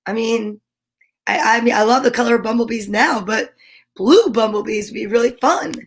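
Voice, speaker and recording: A high-pitched woman chats in a bright, bubbly way as she hosts a live stream. She greets viewers by name and talks to them in a friendly, casual tone. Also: normal speed. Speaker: host.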